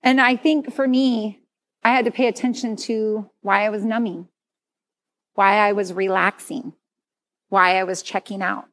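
A woman's voice: medium pitch, steady tone, unhurried, a bit bright. A middle-aged woman giving a candid, conversational sermon testimony at church. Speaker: speaker at church.

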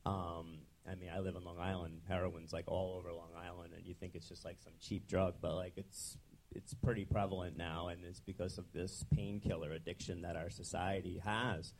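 A young man with a very deep, low-pitched voice speaks as a chiropractor guest in a relaxed interview. He talks casually and loosely, with frequent ums and restarts. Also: normal speed, background noise. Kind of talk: conversational interview.

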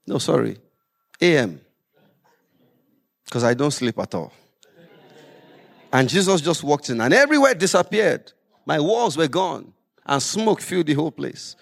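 A man preaching a sermon as pastor, lively with humorous asides. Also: on the high side, moderate pace, creaky, pauses often.

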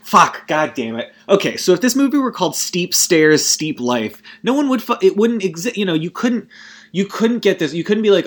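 A man's voice: on the high side, sing-song, a little slow. A young man in a casual movie rant, rambling and profane, constantly cutting himself off mid-sentence. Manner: rambling and profane, frequent self-interruptions.

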